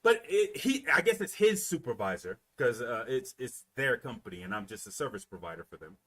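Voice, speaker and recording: A man from Florida telling a story in a casual, animated rant, full of profanity and repeated words. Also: mid-range voice, fairly quick. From Florida, US South. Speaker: commentator.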